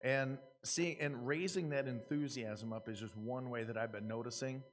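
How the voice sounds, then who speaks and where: A man's voice: mid-range voice, normal speed. A man with an American accent giving a casual, earnest seminar talk to fellow auctioneers, restarting his sentences often. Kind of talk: conversational lecture to a live audience. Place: conference room. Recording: long reverb of a hall.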